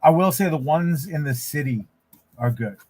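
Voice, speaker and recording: A man's voice: fairly high pitch, moderate pace, a little mellow, slightly rough. A man hosting a casual livestream while drawing, talking in a loose, rambling way with frequent restarts. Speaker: livestream host, artist.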